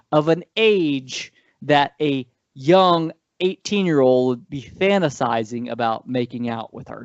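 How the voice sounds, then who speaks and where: A man chatting on a movie podcast, rambling from point to point and catching himself mid-sentence. His pitch swings widely as he talks. The sound is dry and a little dull, lo-fi. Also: dry recording. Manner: rambling, animated, frequent self-corrections and laughs. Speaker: podcast co-host. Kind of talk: casual movie-review chat.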